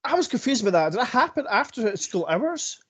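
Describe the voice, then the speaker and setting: A man's voice: extremely high pitch, very animated, fairly quick, breathy edge. A man co-hosting a casual film podcast, hesitant and searching for his words as he describes scenes. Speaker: podcast co-host. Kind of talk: casual film review chat.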